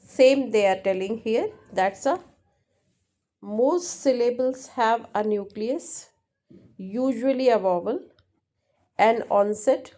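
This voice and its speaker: Lady walking thru a linguistics exam answer, slow and mellow, keeps asking "right?". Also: medium pitch. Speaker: English teacher. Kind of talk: explaining exam answers in a lecture.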